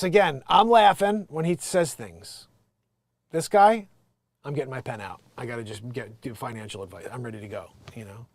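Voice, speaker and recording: A man's voice: sits high, no room sound. A man hosting a comedy news show, rambling animatedly and laughing at his own bits. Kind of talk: casual comedic commentary.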